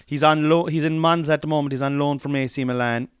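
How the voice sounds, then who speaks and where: A man's voice: on the high side, fairly even intonation, fast, smooth, no echo, clean studio sound. An Irish man hosting a casual podcast, jokey and rambling, laughing often as he banters about sport. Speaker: podcast host.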